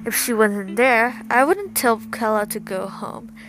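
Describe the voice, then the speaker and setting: A woman's voice: on the high side, measured pace, fairly bright tone, soft background music, low-quality recording. A woman reading a first-person story aloud in an emphatic, dramatic storytelling manner.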